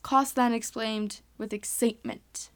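A woman's voice: on the high side, steady tone, measured pace. A woman earnestly reading a homemade space adventure story aloud.

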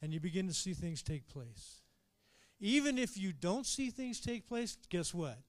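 Guy preaching, high voice, dry close sound, gets loud then drops quiet, keeps asking for amens. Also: unhurried, no room sound. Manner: animated, calls to the congregation for amens; swings between quiet asides and shouted climaxes. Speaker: pastor. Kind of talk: sermon.

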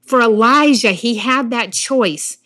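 A woman's voice: a little high, slow, bright, forceful tone. A woman preaching a sermon in an earnest way, sometimes acting out the lines of the figures in the story she tells. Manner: earnest, acts out the Bible figures' lines in quotes.

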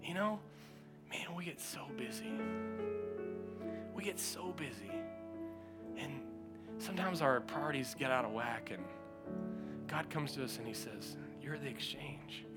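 A male pastor preaching a sermon, telling stories with lively acted-out quotes and frequent laughter. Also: medium pitch, measured pace, pauses often, over loud music. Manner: animated storytelling, acts out quotes, often laughs.

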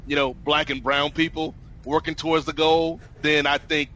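Man host, bright forceful voice, slightly high, chatty podcast tone, lo-fi audio. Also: flat delivery, moderate pace, a little hiss or hum. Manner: conversational, addresses co-host by name. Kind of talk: casual podcast discussion.

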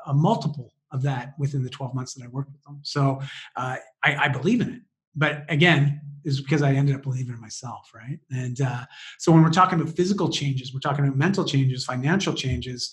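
A man talking as a podcast guest and coach, enthusiastic and quick to laugh as he shares advice. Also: fairly high pitch. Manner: enthusiastic, fired up, laughs often. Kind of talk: animated interview conversation.

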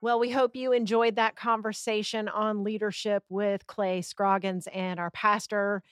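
A woman's voice: medium pitch, little pitch movement, no room sound, clean studio sound, soft background music. A woman hosting a church podcast, affirming her guests and wrapping up the show with announcements. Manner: affirming, quick to agree and laugh along. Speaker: podcast host.

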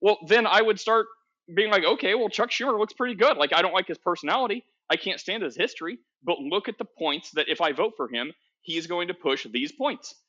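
A man's voice: high-pitched, animated, fairly quick, sharp tone. A man hosting a podcast in casual chat, rambling with many restarts and laughing at himself. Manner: rambling, self-correcting, laughs often. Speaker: podcast host. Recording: dull lo-fi sound.

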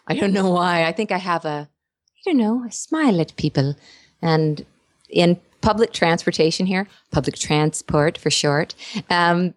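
A woman actress in casual interview chat, an animated storyteller who laughs often. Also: lowish voice, no room sound. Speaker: actress and voice performer.

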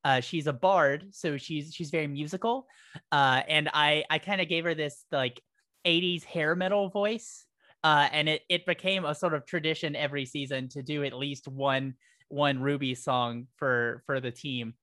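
A man chats about his tabletop games in a bright, forceful voice that often breaks into laughter. The sound is dry and close, with no room around it. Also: a little high, steady tone, normal speed, no echo. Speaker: podcast guest, tabletop player. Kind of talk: casual chat.

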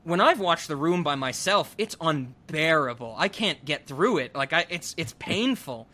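A man's voice: fairly high pitch, animated, normal speed, bright, forceful tone. A young man hosting a podcast, chatting casually with lots of fillers and asides. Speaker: podcast host. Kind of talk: casual chat.

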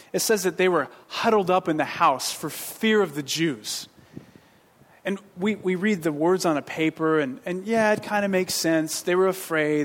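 Man preaching in a reverberant hall. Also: a little high. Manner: rambling storyteller with self-deprecating jokes and many restarts. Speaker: pastor. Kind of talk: sermon with personal story.

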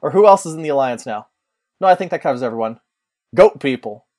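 A podcast co-host in casual chat, rambling with quick asides. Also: mid-range voice, animated, a little mellow.

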